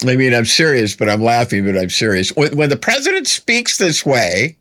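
A man's voice: mid-range voice, big pitch swings, normal speed, hardly any pauses, fairly bright tone. A man hosting a solo political commentary show, firing off emphatic rhetorical questions with sarcastic asides.

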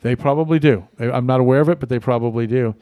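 A man's voice: mid-range voice, fast talker, warm tone, no echo, clean studio sound. A man hosting a casual local radio talk show, rambling and friendly with many fillers and restarts. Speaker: radio host. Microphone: studio mic.

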